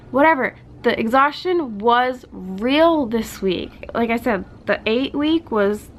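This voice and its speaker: A young woman with a slightly high, fairly bright voice gives a casual pregnancy update in a home vlog, rambling with lots of "like" and sounding a little out of breath. The recording is rough, with a washing machine humming in the background.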